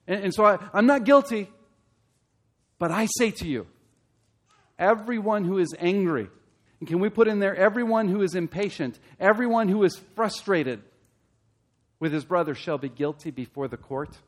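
A man preaching a sermon as pastor, asking the congregation direct questions and building to loud, emphatic peaks. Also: a little high.

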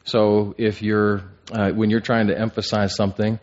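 A man leads a Bible class in a somewhat low voice, drawing answers out of the group with questions. He often doubles his words as he restarts a phrase. The recording is muffled and lo-fi. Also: level tone, moderate pace, a little mellow. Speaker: Bible study teacher. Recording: dull lo-fi recording.

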